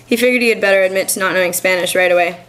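A young woman student reading her own short story aloud at a college reading, in an even, measured manner. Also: medium pitch, rough recording. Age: young adult. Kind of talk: literary reading.

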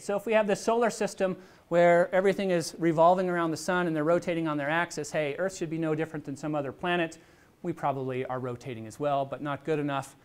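A man's voice: fairly high pitch, smooth. A middle-aged man lecturing on physics in a lecture hall, explaining step by step in a conversational way with little asides. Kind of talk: university lecture with live demonstration.

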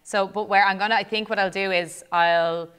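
A woman's voice: medium pitch, steady tone, moderate pace, fairly bright tone, clear, resonant tone. A young Irish woman co-hosting a lesson, chatting and thinking aloud as she demonstrates a build. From Ireland. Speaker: co-host teacher. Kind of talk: casual classroom demo while playing.

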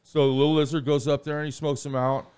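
A man's voice: fairly high pitch, flat delivery, fast talker, darkish tone, smooth. A man chatting casually as a podcast guest, rambling and telling crude stories. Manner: rambling storyteller, crude humor.

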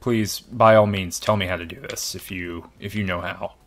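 A man whose voice sits low talks at normal speed while commentating on his own playthrough of a video game. His style is excitable and self-mocking, with plenty of thinking aloud and cheerful jabs at his play.

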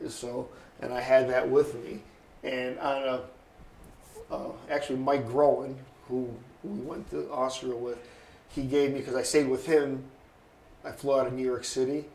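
A man in his sixties telling stories in an oral history interview, lively and anecdotal, often chuckling. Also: mid-range voice, a little slow, vocal fry, roomy sound, poor audio. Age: 60s. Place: interview booth.

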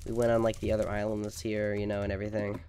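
A man's voice: fairly low pitch, completely flat delivery, very fast, dark tone, a little hiss or hum. A man hosting casual gameplay commentary, melodramatic and overreacting, stammering, sometimes leaning away from his desk microphone. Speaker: gaming video host.

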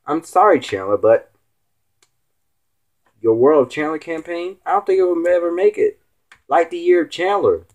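A man's voice: expressive, moderate pace, pauses often, darkish tone. A man hosting a casual vlog as a stand-in, rambling and teasing as he rants to his viewers. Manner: rambling and teasing, with swooping pitch. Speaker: stand-in show host.

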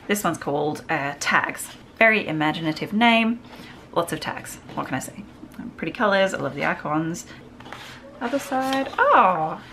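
A woman's voice: lowish voice, a bit bright, slight background noise. A woman craft vlogger chatting casually through a haul, gushing over each item with little exclamations. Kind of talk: casual show-and-tell haul.

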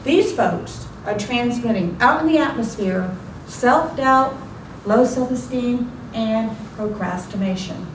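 A woman's voice: on the high side, animated, slow pace. A woman in her forties giving a motivational contest speech with a theatrical, emphatic delivery. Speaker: contest speaker. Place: club meeting room. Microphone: far room mic. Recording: echoey room from far off, noisy.

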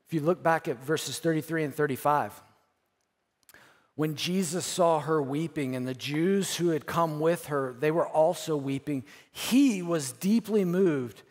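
A man preaching a sermon as pastor, earnest, repeating phrases, rising to emphatic peaks and dropping to soft, quiet lines. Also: on the high side, unhurried. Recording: church hall with long reverb.

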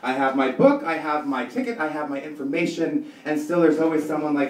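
A man's voice: a little high, a little fast. A man in his thirties doing a stand-up comedy set, ranting in an exasperated, profane way. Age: 30s. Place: comedy club stage before a live audience. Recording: echoey room, distant mic, loud audience laughter.

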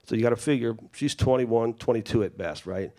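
A festival speaker with a mid-range voice tells family stories to an audience at a fairly quick pace. He recounts anecdotes with animation, acting out the voices of the people he quotes.

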